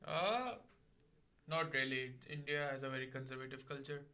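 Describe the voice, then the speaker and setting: Bright-voiced man, brief answers. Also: medium pitch, normal speed. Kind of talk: casual panel chat.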